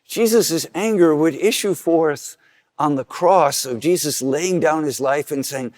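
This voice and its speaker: Man, priest preaching a homily, earnest, slightly high voice, dry close sound. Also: expressive, unhurried, no echo. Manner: earnest preaching, acts out quoted voices with rising pitch.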